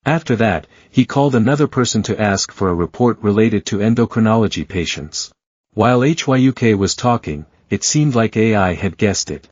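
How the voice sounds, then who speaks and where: A man reading a story recap in a steady, even narration. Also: on the low side, moderate pace, no room sound, lo-fi sound.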